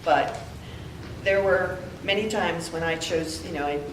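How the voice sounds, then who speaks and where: An older woman giving a heartfelt memorial tribute, telling stories with pauses. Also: on the low side, noisy background. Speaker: eulogy speaker. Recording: echoey room, heard from a distance.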